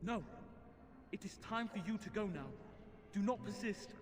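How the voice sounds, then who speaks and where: An actor playing a cold, threatening demon that speaks through a possessed boy, in a slow, commanding manner. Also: high voice, a little hiss or hum, close to an everyday voice. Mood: menacing. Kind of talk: video game voice acting.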